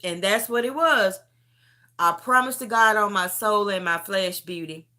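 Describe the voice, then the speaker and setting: Middle-aged woman, host of a testimony live stream; sharp bright tone, animated and emotional storytelling, close to tears. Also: medium pitch, a little slow. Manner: animated storytelling, calls the listener "beauty". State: near tears. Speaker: host sharing a personal testimony.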